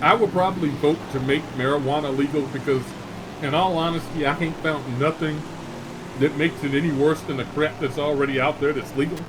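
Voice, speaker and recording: A middle-aged man hosting a gaming show, telling stories in a folksy, animated way between laughs. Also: on the high side, brisk, background noise. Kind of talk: casual storytelling while streaming a game.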